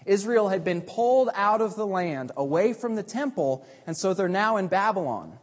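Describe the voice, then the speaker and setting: A man preaching from the pulpit with a high, very lively voice that rises and drops sharply. He swings between urgent emphasis and hushed asides. His voice rings through the long echo of a large church sanctuary. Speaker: pastor. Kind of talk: sermon. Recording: long reverb of a large hall.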